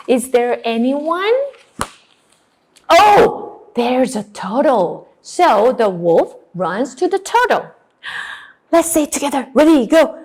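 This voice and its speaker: A woman teacher giving a demonstration class, telling a storybook tale slowly and with exaggerated expression. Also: high-pitched. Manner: slow, exaggerated and animated.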